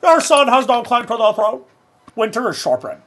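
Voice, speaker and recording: A man's voice: extremely high pitch, lively intonation, moderate pace, fairly bright tone, slight background noise, pitched above the performer's own voice, heavily acted. A man doing a stern, grave noble lord. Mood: mock-solemn. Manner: mock-solemn proclamations.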